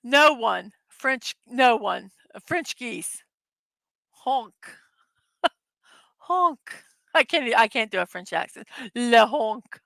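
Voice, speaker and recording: A woman's voice: fairly high pitch, lively intonation, a little slow, vocal fry, sharp tone, dry recording. A middle-aged woman hosting a casual daily morning show, chatty and giggly as she reads out silly memes. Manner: giggly, chatty, frequently laughing at her own jokes. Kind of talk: casual livestream chat reading memes.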